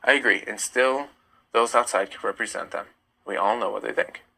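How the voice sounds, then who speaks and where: The host of this casual livestream, a young man from the United States, reads comments out loud and replies with animated, argumentative energy. He speaks at a normal speed in a lowish, creaky voice on poor audio.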